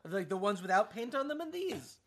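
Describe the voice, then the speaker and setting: A middle-aged man in casual chat, telling animated stories about his kids. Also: high-pitched, brisk. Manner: animated storyteller acting out his kid.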